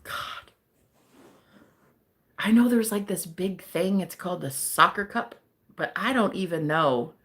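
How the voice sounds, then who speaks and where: A woman's voice: fairly low pitch, unhurried, pauses often, a bit bright. A young woman hosting a casual livestream as a psychic reader. She chats with viewers, laughs often and swears casually.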